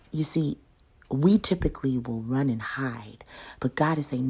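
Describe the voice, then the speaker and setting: A woman giving a Bible devotional, often dropping into a soft half-whisper and rising with emphasis on key lines. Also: a bass voice, measured pace, husky. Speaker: devotional speaker.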